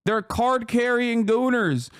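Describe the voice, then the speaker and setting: High-pitched man ranting on a stream. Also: slow pace, smooth, no echo, clean studio sound. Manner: animated, profane, mocking rant with frequent laughs. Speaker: streamer reacting to videos. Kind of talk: casual livestream reaction commentary.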